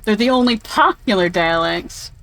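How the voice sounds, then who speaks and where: A woman's voice: mid-range voice, lively intonation, normal speed, fairly bright tone, low-quality recording. A woman giving casual, rambling gameplay commentary, chatty and opinionated, drifting off into tangents and swearing offhandedly. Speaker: game streamer.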